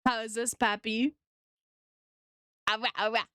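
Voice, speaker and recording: A woman's voice: a little high, level tone, unhurried, a bit bright, clean tone, dry recording, studio quality. A woman streamer chatting casually with her chat while she draws, playful and teasing, laughing often.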